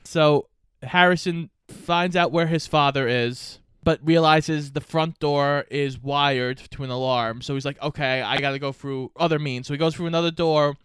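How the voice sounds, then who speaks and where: A man's voice: on the high side, steady tone, moderate pace, fairly bright tone, clear, resonant tone, dry recording. Dry, amused man recapping a plot. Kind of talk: casual movie recap narration.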